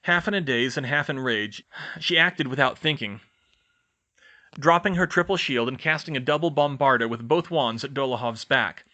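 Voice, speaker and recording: A man narrating a fan fiction audiobook in a lively, expressive reading. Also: medium pitch, moderate pace. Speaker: audiobook reader.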